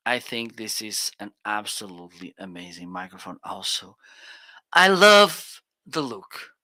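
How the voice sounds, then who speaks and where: A man's voice: medium pitch, pushed and bright, no echo. A man with a Portuguese accent, co-hosting a live stream and enthusiastically reviewing products into a close studio microphone. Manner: enthusiastic, frequent "okay?" check-ins. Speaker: livestream co-host. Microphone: close studio dynamic mic.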